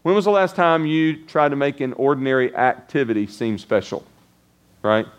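A middle-aged man preaches from the pulpit in a loose, chatty way. He circles back on his phrases, restarts often, and checks in with the congregation with frequent tag questions. His voice sits at an ordinary male pitch. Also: moderate pace, clear, resonant tone, muffled recording. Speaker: pastor. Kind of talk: sermon.

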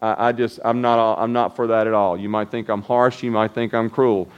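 A man's voice: lowish voice, steady tone, brisk, smooth, lo-fi sound. Middle-aged male pastor, casual sermon delivery, rambling with restarts and frequent asides to the congregation. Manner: conversational, rambling with restarts and tag questions.

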